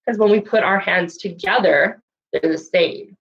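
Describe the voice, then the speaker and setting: A woman's voice: fairly low pitch, measured pace. Woman, children's librarian, sing-song story time voice, dull lo-fi sound. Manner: sing-song, animated, does animal sounds for kids.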